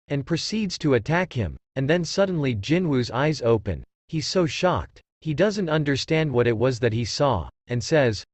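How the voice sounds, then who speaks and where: A man's voice: a little high, sing-song, moderate pace, hardly any pauses, dry recording. A man narrating a comic recap in a plain, repetitive retelling.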